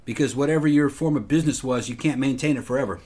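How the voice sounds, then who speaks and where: A man chatting casually about old films, halting and restarting often, swearing freely. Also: mid-range voice, dark tone.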